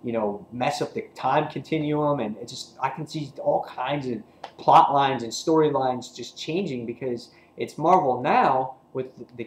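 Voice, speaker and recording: Guy gushing about a comic, rambles a lot with ums, roomy echo and a bit of hiss behind him. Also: mid-range voice. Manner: excited, rambling with many fillers. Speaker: comic book reviewer. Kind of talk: casual review chat.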